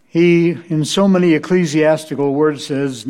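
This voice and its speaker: A man's voice: fairly high pitch, normal speed, darkish tone. A male preacher giving a church history lecture, telling anecdotes with dry humor. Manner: dry, wry storytelling.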